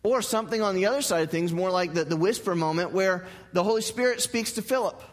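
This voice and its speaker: High-voiced pastor in a reverberant hall. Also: male voice, fast. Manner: conversational and joking, repeating key phrases. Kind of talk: sermon. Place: church sanctuary.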